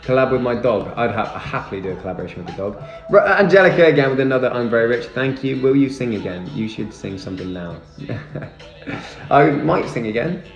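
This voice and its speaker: A man's voice: medium pitch, expressive, fast talker, hardly any pauses, lo-fi sound. A young man chatting casually on a live stream, thanking viewers and answering their comments. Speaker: livestreamer. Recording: echoey room with music behind.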